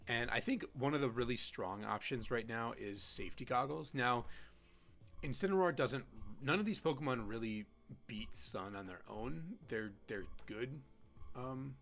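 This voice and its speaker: A man giving casual strategy commentary on a competitive Pokemon team, halting often with "um"s and restarting his sentences. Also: mid-range voice, gravelly, a bit bright. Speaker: competitive Pokemon player and content creator.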